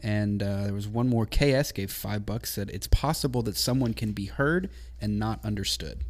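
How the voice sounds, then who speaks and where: A man's voice: fairly low pitch, moderate pace. A man on a live show reading viewer messages aloud in a plain, matter-of-fact way.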